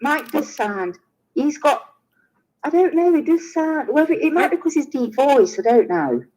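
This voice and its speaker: A woman chatting on a live stream, hesitant and halting, often laughing between her words. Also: high-pitched, big pitch swings, darkish tone, low-quality recording. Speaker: guest on a live chat. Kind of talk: casual live-stream chat.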